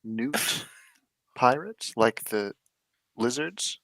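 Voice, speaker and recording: A man's voice: medium pitch, extremely slow, a bit bright, no echo. A man playing a tabletop game, questioning a character with hesitant fillers. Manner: hesitant, many "um"s. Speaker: player. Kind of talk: tabletop game role-play.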